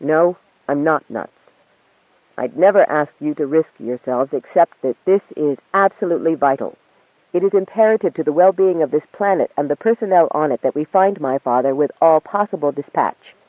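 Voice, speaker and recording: A man's voice: on the high side, normal speed, dry recording, narrow, tinny audio, close to an everyday voice. A man voicing a desperate young male captain who pleads urgently and grows agitated. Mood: pleading.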